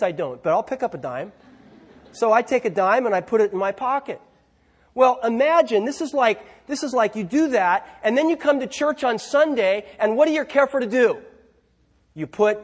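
Husky, high-pitched preaching man. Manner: conversational preaching, asides and rhetorical questions. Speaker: pastor. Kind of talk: sermon. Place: church.

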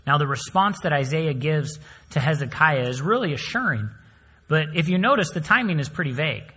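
A male pastor preaching a sermon, telling stories with swings between loud emphasis and soft, hushed lines. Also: fairly high pitch, slightly rough. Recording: long hall reverb.

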